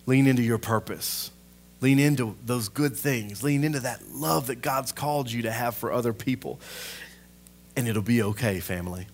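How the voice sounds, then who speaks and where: Pastor preaching with fervor. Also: male voice, medium pitch, normal speed, a little hiss or hum. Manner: impassioned preaching that swells loud, then drops to a hushed aside. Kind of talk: sermon.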